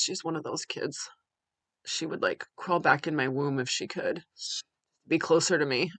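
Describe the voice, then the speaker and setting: A woman hosting a podcast, telling a personal story in a candid, conversational way with halting restarts. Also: lowish voice, a bit bright, no echo. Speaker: podcast host.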